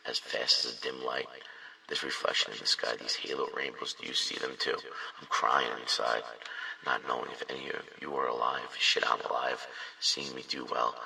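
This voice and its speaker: A man's voice: extremely low pitch, gravelly, pushed and bright. A man performing spoken word poetry with a rhythmic, rhyming, intense delivery. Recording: distant mic in a reverberant room.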